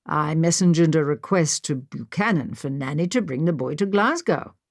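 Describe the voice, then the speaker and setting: A woman narrator voicing a cheerful, teasing aristocratic husband in an audiobook, speaking with a lively lilt. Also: on the high side, moderate pace, no echo, clean studio sound. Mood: playful.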